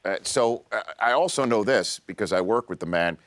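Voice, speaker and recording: A man hosting a sports talk radio show, asking a guest questions in a relaxed conversational way. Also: lowish voice, normal speed, no echo, studio quality. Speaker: radio host. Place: radio studio.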